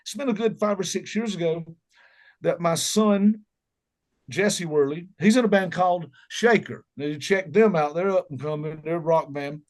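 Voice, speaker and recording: A man's voice: high-pitched, moderate pace. A middle-aged man with a Southern accent, telling folksy, joking stories as an interview guest. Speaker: musician guest. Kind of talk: casual interview chat.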